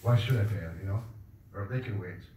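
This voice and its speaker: Rambling deadpan man doing stand-up. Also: on the low side, slight background noise. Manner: rambling, deadpan delivery with filler pauses. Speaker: stand-up comedian. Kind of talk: stand-up comedy set. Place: club stage with audience. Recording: roomy, distant mic with faint ambience.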